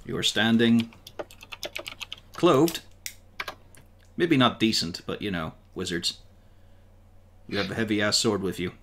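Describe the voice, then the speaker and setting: Lively man running a tabletop game. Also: lowish voice, slow, long pauses, a little hiss or hum. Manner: lively, playful narration with swearing and laughs. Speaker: game master.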